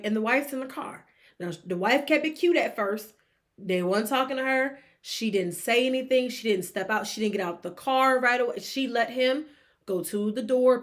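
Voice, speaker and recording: Opinionated woman podcaster with a high voice. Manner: opinionated, animated, talks straight to listener with rhetorical questions; breaks into high-pitched laughing disbelief. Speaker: podcast co-host. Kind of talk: casual sports gossip commentary.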